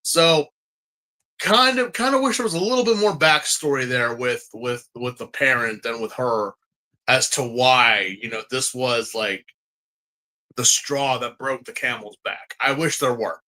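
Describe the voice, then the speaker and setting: Casual podcast co-host, male, bright edgy tone, rambling and chatty. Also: mid-range voice, a little slow. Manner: rambling, chatty, lots of fillers and restarts. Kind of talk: casual chat.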